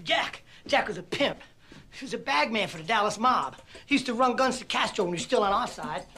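An actor playing a paranoid, foul-mouthed, middle-aged former agent who talks in jittery, rambling bursts, heard from a film clip. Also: male voice, sits high, lively intonation, fairly quick, pushed and bright, soft background music, exaggerated voice. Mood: jittery, tense. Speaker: film character.

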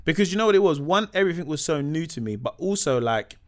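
Lively slangy man telling stories. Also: a little high, quick pace. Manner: slangy, acts out voices in his stories. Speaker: comedian guest. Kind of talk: animated anecdote telling on a podcast.

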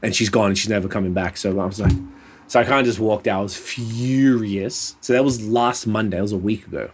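A man in pain telling a rambling, sweary story in casual chat over a call, sounding a little flat. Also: lowish voice, fast talker, slightly rough. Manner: laid-back, swears often, rambling. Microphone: video call.

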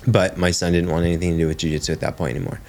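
Man, 30s, very low voice, blunt, profane, casual podcast storytelling. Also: fairly even intonation, racing, gravelly, darkish tone. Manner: blunt, swears freely, says "dude" often. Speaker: jiu-jitsu coach and father.

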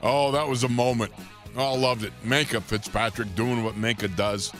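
A man's voice: mid-range voice, steady tone, moderate pace, fairly bright tone, soft background music. A man co-hosting a sports radio show, chatting casually, joking and laughing a lot between rambling thoughts. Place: radio studio.

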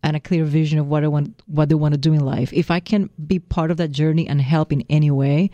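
A woman's voice: low voice, steady tone, dark tone, no echo, muffled recording. A young woman co-hosting a casual chat with her partner, playful and dramatic, speaking English as a second language. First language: not English. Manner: playful, dramatic storytelling, quick to laugh. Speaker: podcast co-host.

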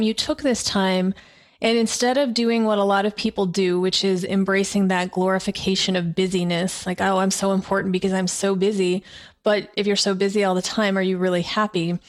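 A woman hosting an interview, thoughtful and conversational, with light laughs. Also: medium pitch. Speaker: interview host. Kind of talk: casual interview chat.

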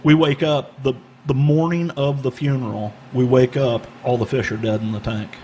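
A man's voice: medium pitch, steady tone, moderate pace, warm tone, slight background noise. A man, a podcast guest, telling a strange personal story in casual chat, rambling and repeating his words. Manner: rambling, repeats words, laughs at bizarre moments.

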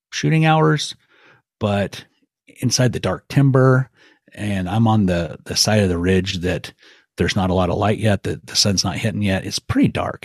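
A middle-aged man, a guest, telling a hunting story in a folksy, animated way and acting out quotes. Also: fairly low pitch, slightly rough, no echo, studio quality. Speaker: guest elk hunter.

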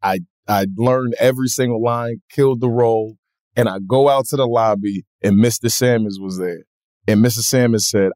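A man being interviewed, telling stories in a relaxed, lively way and acting out other people's voices. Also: medium pitch, normal speed, no room sound, clean studio sound. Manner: animated, acts out voices in his stories. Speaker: comedian guest. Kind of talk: casual interview storytelling.

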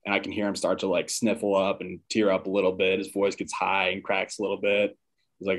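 A man's voice: deep voice, monotone, fairly quick. A man guesting on a podcast, casually telling a personal story and acting out his parents' lines. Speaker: podcast guest, former college football player.

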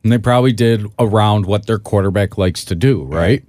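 Man, 30s, co-host, low voice, dry close sound, eager questions. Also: a little fast, a little mellow, no room sound. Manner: eager, asks questions, laughs easily. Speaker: podcast co-host. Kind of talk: casual sports chat.

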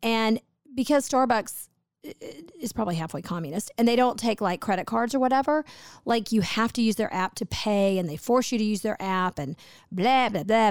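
A middle-aged woman tells a rambling story in a chatty, conversational way. Her voice sits in a middle pitch, and the recording is close and dry. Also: dry recording. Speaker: co-host, host's wife. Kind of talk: casual chat.

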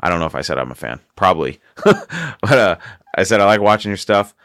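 A man's voice: low-pitched, animated, fast talker, fairly bright tone, no echo, studio quality. A man hosting a casual podcast, telling a long story in a rambling way and laughing often. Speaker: podcast host.

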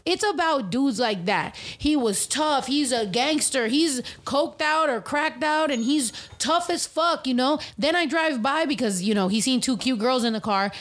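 Young woman, high-ish voice, swearing a lot, telling a wild story to friends. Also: unhurried, few pauses. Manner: profane, animated storytelling. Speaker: podcast host and rapper. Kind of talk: casual storytelling chat.

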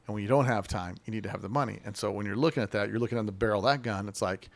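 In Las Vegas, a man hosts a casual classic-car chat show, talking very fast in a lowish voice with vocal fry and no echo. He rambles and laughs, acting out voices in his stories.

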